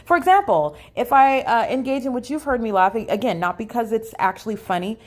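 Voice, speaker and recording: In a hotel room, a woman records a solo vlog monologue to camera, documenting her day. She speaks emphatically and repeats phrases, using many "uh" fillers, with a high-leaning, expressive voice at a fairly quick pace.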